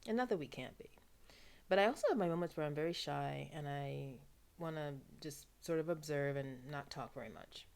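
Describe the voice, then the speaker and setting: Low-voiced chatty woman vlogger. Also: normal speed, vocal fry, smooth. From New York. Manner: chatty, wry, drifts into soft asides and playful put-on voices. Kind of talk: casual monologue to camera.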